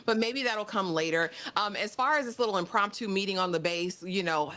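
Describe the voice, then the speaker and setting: A woman co-hosting a casual TV recap chat, sassy and animated, often acting out the characters she quotes. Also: mid-range voice, fairly quick, hardly any pauses. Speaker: podcast co-host.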